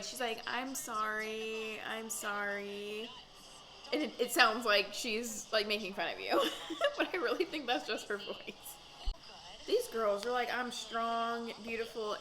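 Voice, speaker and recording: A woman hosting a casual reaction recap of a reality dating show, chatting in a gossipy way with quick asides and bursts of laughter. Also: medium pitch, bright, forceful tone, poor audio.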